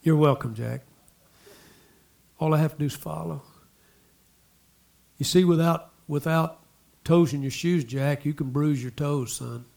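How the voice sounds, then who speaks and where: A man preaching a sermon, talking to the congregation in asides and repeating lines as he builds to loud exhortation. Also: on the high side, unhurried, creaky, pauses often. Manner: impassioned, repetitive preaching that swells to loud exhortation. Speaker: pastor.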